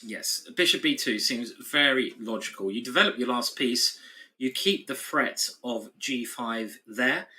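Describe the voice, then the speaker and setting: A man's voice: medium pitch, a little slow, bright, forceful tone. A man commentating live on a chess game, chatty and explanatory with his co-host. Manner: chatty, explanatory, laughs easily.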